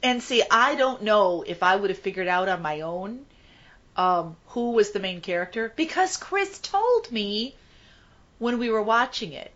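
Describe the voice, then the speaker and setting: A woman's voice: mid-range voice, a little slow. Woman chatting about movies on a podcast, voice jumps around a lot, kinda muffled audio. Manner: animated, chatty, self-deprecating. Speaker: podcast co-host. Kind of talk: casual movie chat.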